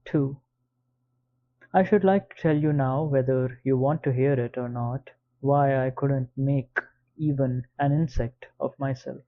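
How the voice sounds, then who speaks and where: A man reading an audiobook in the first person, with a measured, even delivery. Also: mid-range voice. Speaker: audiobook narrator. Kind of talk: scripted audiobook narration. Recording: slightly dull lo-fi recording.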